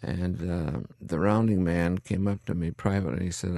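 A man's voice: low voice, steady tone, moderate pace, gravelly, hardly any pauses, warm tone, no echo. A retired country doctor in his eighties, telling wry stories from his school days to his grandson. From upstate New York. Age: 80s. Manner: wry, chuckling storyteller. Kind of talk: storytelling interview.

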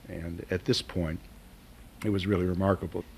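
A middle-aged man, a father, telling a family memory in a halting, emotional way with many hesitations. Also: sits low, little pitch movement, slightly rough. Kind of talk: personal storytelling interview.

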